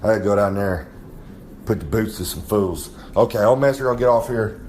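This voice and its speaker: A man plays a cocky, drawling wrestler type in a comic segment, giving a boastful in-character monologue that swaggers and rambles. His voice is fairly low, a little fast and darkish, with slight room noise.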